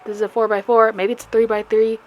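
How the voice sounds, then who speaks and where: A woman's voice: a little high, flat delivery, fast, dull audio. A young woman in casual voice-over as she paints, chatty and rambling, with jokey tangents. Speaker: art vlogger.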